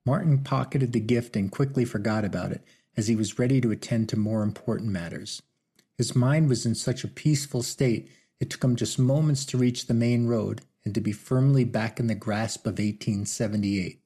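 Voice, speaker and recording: Deep, dark, gravelly man reading a novel aloud, steady and even. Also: moderate pace. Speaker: audiobook narrator. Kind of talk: scripted narration.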